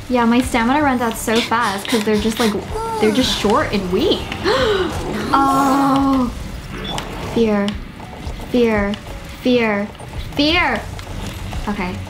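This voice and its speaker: A young woman with a fairly high, lively voice chats through a video game at an unhurried pace, her reactions swinging from low mutters up to squeals. She gasps and swears easily when her characters are in danger. Game music plays clearly behind her. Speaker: gaming streamer. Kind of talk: casual gameplay commentary.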